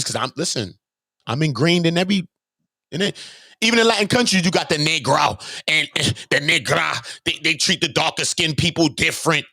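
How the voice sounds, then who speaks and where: A man talks straight to camera in an animated, emphatic vlog style, firing off rhetorical questions in casual slang. His voice sits a little high for a man and swings between loud peaks and low, quiet stretches. The recording is close and dry, with no room sound. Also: gravelly, dry recording. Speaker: vlogger. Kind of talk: casual talking-head commentary.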